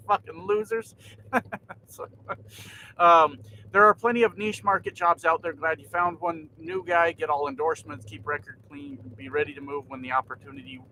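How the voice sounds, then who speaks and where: A man talking loosely to his viewers from his truck cab, swearing freely and laughing often. His voice sits a little high and sounds bright and forward. Faint engine and road noise hums behind him. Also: fairly even intonation, moderate pace, poor audio. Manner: laid-back, swears often, laughs a lot. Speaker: trucker vlogger. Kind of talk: casual livestream chat.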